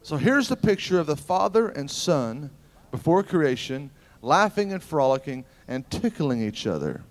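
A man preaching a sermon, telling stories in an animated way that swings from loud exclamations to hushed asides. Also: fairly high pitch, measured pace.

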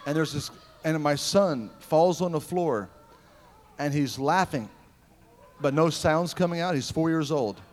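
At a revival service, a middle-aged man with a voice on the high side preaches, recounting personal stories animatedly as he swings from loud, ringing lines to hushed ones. A little hiss or hum can be heard.

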